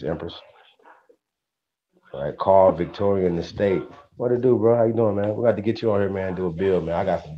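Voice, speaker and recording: A man hosting a casual livestream, greeting viewers by name in a slangy, upbeat way. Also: sits low. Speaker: livestream host. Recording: dull lo-fi stream audio with faint noise.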